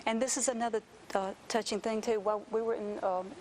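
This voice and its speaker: A woman, a mother telling an emotional personal story as an interview guest, earnest and animated. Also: a little high, fairly quick, a little hiss or hum. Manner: earnest, animated retelling with quoted voices.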